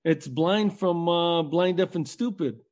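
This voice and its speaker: A man with a fairly high voice trades crude jokes and swears through casual podcast banter. He mocks and teases as he retells stories. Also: a little slow, a little mellow. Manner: profane, mocking, storytelling. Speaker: podcast co-host. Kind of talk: casual chat.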